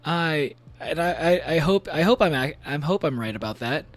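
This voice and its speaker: A VTuber streamer plays a game at home and chats in a casual, rambling live stream, often breaking into laughter. His voice is on the high side with lively intonation at normal speed, over soft background music.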